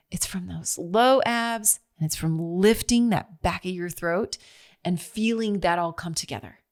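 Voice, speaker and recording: Woman, middle-aged, podcast host, casual solo monologue, expressive, self-amused, slightly low voice. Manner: chatty and expressive, laughs at herself. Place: seated at home recording.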